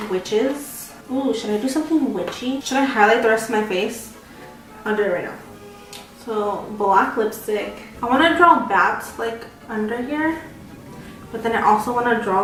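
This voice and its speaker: Young woman, self-mocking makeup vlog chatter, camera mic far off, faint music behind. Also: a little high. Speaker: beauty vlogger. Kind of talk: chatty get-ready-with-me vlog. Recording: very echoey room, from far off.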